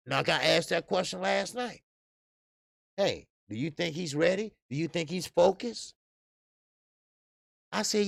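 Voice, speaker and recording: Host type: man in his 50s, high gravelly voice, loose rambling boxing chat, dry close sound. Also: fairly bright tone, no echo. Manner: loose and chatty, greets viewers, rambling asides. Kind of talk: casual live-stream boxing talk.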